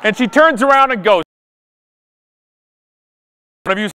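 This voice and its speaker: Lively high-voiced man storyteller. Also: a little slow, long pauses, clean tone, big-room sound. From Canada. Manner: animated, self-mocking, punchy comic timing. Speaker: conference speaker. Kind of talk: comedic storytelling keynote. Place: live event stage before an audience.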